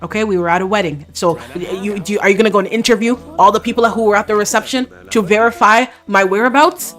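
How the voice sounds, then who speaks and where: Girl doing an angry older grandpa, sarcastic and loud, soft music behind. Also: medium pitch, steady tone, quick pace, lightly acted. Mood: defensive. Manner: sarcastic, shouting in outrage. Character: indignant wealthy older father, a grandfather. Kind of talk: voicing game characters in a let's play.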